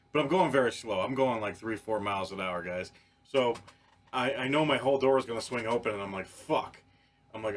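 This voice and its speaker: A man on a podcast telling a story in casual chat, animated and profane, with many restarts. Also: lowish voice. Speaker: podcast co-host.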